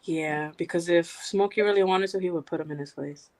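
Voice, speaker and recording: A woman's voice: on the low side, fairly quick, a little mellow, slight background noise. A woman co-hosting a casual chat in a playful, teasing way. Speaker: podcast co-host.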